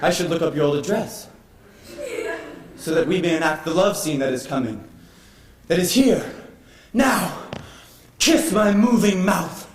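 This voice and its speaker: An actor performing a stage monologue as a lonely, brooding actor, slow, musing and wistful. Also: male voice, high voice, lively intonation. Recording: echoey stage recording.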